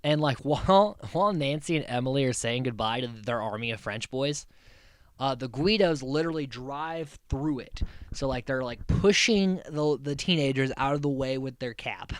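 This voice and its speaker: A man's voice: mid-range voice, animated, normal speed, no room sound, studio quality. A man hosting a casual recap podcast, rambling and amused, with many restarts and frequent laughs. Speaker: podcast host.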